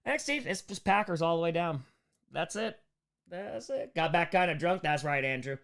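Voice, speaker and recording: A man's voice: fairly high pitch, lively intonation, a bit bright. A young man from New York hosting a casual live Q&A, reading out donors and chatting loosely and upbeat. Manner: loose and upbeat, quick thank-yous to donors. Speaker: livestream host answering superchats.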